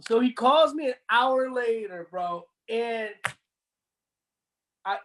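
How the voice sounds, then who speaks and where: A man hosting a podcast, swapping stories in loose casual chat. He is an animated teller, and the story comes out profane and unpolished. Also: extremely high pitch, takes it slowly, a little hiss or hum. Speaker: podcast host.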